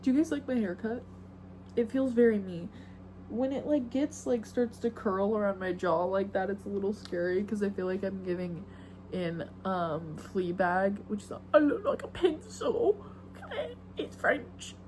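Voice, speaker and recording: A woman's voice: mid-range voice, normal speed, mellow, a little hiss or hum, low-quality recording. Rambling young woman podcaster. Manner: rambling, chatty, self-mocking, slangy. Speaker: podcast host. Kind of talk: casual solo chat.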